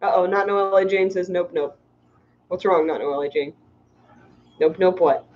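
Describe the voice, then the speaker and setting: A woman's voice: fairly low pitch, moderate pace, a little hiss or hum. A middle-aged woman chatting casually on a livestream, rambling and giggling as she reads comments. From United States. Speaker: fishkeeping livestream host. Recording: muffled lo-fi stream audio.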